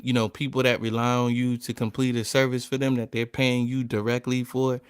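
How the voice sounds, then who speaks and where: A man's voice: medium pitch, smooth, no room sound, studio quality. A man co-hosting a casual panel talk, reflecting on his own experience with clients. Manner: reflective, sharing personal experience. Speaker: podcast co-host.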